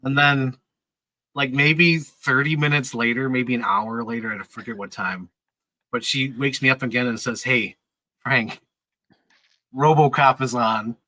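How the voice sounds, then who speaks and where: A man's voice: mid-range voice, fairly even intonation, normal speed, sharp tone, no echo, low-quality recording. A man in his thirties telling casual, rambling stories on a podcast, laughing often and swearing freely. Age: 30s. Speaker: podcast regular. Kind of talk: casual storytelling chat.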